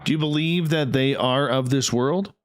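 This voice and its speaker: A man's voice: mid-range voice, moderate pace, no room sound, studio quality. A man hosting a late-night radio interview, chatty and rambling with a self-mocking streak. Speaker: radio show host.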